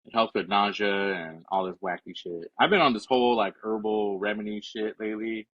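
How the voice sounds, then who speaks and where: A middle-aged man with a low, husky voice chats casually, with a laid-back, self-mocking tone. The sound is dry and close to the mic. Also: fairly quick, no room sound, muffled recording. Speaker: podcast co-host. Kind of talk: casual chat.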